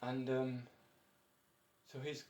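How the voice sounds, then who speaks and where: A man in his fifties vlogs to the camera in a rambling, eccentric personal monologue, breathless and chuckling often. His medium-pitched voice is flat, slightly mellow, and extremely slow, and the room gives it a noticeable echo.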